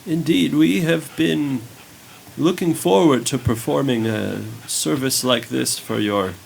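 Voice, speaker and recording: A kindly old priest in a tabletop game, put on by a man, unhurried and pious in his formal speech. The voice sits low with a gravelly texture. A faint hiss runs underneath. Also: poor audio. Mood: gracious. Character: elderly kindly male village priest.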